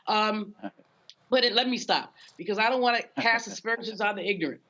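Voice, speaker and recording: A woman's voice: medium pitch, fairly quick, pushed and bright, dull audio. A woman guest commentator speaking in an emphatic, preacherly way. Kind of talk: passionate commentary.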